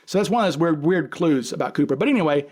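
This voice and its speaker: Higher-voiced man telling a story. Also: expressive, quick pace, darkish tone. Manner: vivid retelling that acts out quoted dialogue; frequent restarts and self-corrections. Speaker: podcast guest, case expert. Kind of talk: casual storytelling.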